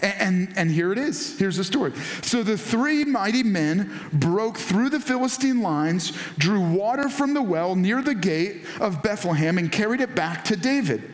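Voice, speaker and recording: A man's voice: high voice, big pitch swings, normal speed, roomy sound. A man preaching a sermon, telling a scripture story in a conversational way and acting out the people in it. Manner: conversational storytelling with voiced asides. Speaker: pastor.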